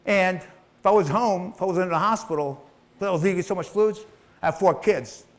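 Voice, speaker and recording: A middle-aged man speaks on stage in a motivational talk, with a voice pitched a little above the usual. He is blunt and swears freely, and he acts out the lines of the people in his story. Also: a little fast.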